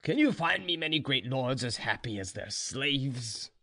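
A man's voice: medium pitch, very animated, a little slow, gravelly, sharp tone, exaggerated voice. A man voicing a boastful, contented male serf who is drinking brandy, speaking in an easygoing, smug way.

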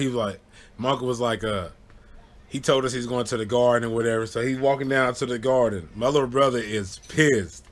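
A young man telling a childhood story in a relaxed, rambling vlog style, often checking in with "you know what I'm saying" and breaking into laughter. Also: medium pitch, moderate pace. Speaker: vlogger. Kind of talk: casual storytelling.

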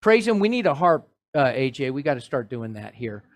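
A male pastor preaching a sermon in an animated way, with joking asides to his congregation. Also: medium pitch, fairly quick.

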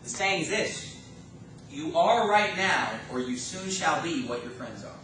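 A man preaching a sermon with a high, sharp, bright voice that swells and drops in force. He is picked up from far off, with heavy echo filling the church room. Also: expressive, measured pace, slight background noise. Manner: emphatic preaching, rising and falling in force. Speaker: pastor. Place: church sanctuary.

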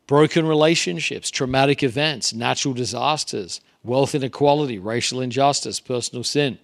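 A man's voice: medium pitch, normal speed, gravelly. Guy guest preaching in a church, earnest, chatty, mid voice. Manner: earnest, conversational, varying pace and volume. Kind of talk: sermon.

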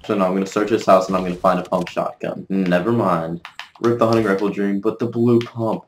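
A man calls out gameplay in a fairly low voice, excitable and quick to trash-talk. His voice carries a noticeable room echo, with a faint hiss underneath. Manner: excitable, mildly cursing, trash-talking opponents. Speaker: gaming video creator. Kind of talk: live gameplay commentary. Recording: roomy echo.

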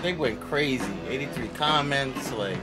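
A man streaming, chatting casually in an excitable, slangy way, and he swears now and then. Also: medium pitch, a little slow, loud music behind the voice.

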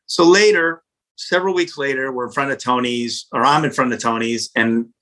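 In a casual interview, a middle-aged pizza restaurant owner tells a story bluntly, animatedly, and with plenty of profanity. His voice is medium-pitched and moderately paced, and the recording quality is low.

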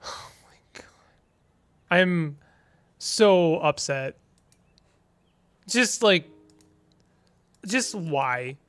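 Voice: mid-range voice, expressive, drawn-out words, long pauses, fairly bright tone. A gaming streamer giving let's play commentary, playful and exasperated, with dramatic outbursts, silly made-up words and the odd muttered aside.

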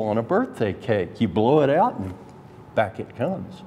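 A man's voice: mid-range voice, big pitch swings, warm tone, husky. A man preaches a verse-by-verse sermon, taking his time over each point. His voice swoops up and down expressively as he drives home the emphatic words. The sound carries the long ringing reverb of a church sanctuary. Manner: deliberate expository preaching with emphatic rises. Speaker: Bible teacher.

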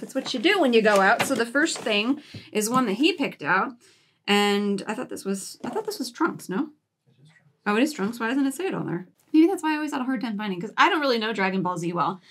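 A woman's voice: medium pitch, fairly bright tone, a little hiss or hum. A woman vlogger chatting casually at home while showing off a shopping haul, giggling and cooing baby talk at her cats.

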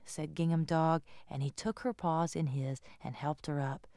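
A woman reading a children's story aloud in an expressive, sing-song way. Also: low-pitched, normal speed, hardly any pauses, no echo, clean studio sound. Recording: guitar music behind.

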